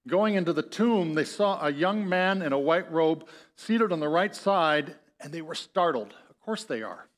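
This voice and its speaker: A male pastor preaching in a church, his voice pitched a little high for a man. He tells the story conversationally, speeding up and slowing down and acting out the voices of the people in it. A light Upper Midwest American accent colors his speech. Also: expressive. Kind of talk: sermon. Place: church sanctuary.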